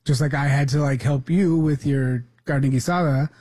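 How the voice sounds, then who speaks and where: A man co-hosting a radio talk show, chatting casually with relaxed, dry asides. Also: on the high side, moderate pace, breathy edge, no echo. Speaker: radio co-host.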